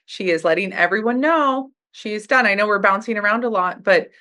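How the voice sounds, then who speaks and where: Bright-voiced woman co-hosting a podcast. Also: mid-range voice, a little fast. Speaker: podcast co-host. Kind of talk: casual chat.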